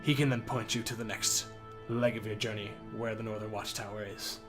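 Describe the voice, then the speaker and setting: A man voicing a brash, boastful half-orc guard captain in a tabletop game, speaking loud and swaggering. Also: lowish voice, fairly even intonation, brisk, over music, voice pushed down, lightly acted. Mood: kindly.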